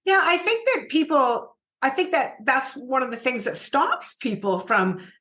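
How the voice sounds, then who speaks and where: This podcast host is a middle-aged woman with a high, very animated voice that runs a little slow and sounds pushed and bright. In her interview conversation, her probing questions wander and keep restarting.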